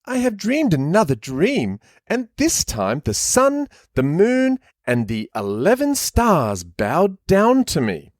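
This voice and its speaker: A man's voice: high-pitched, wildly swooping pitch, slow pace, hardly any pauses, dry recording, studio quality, pitched above the performer's own voice, full character voice. A man doing a posh, smug teenage boy. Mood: boastful.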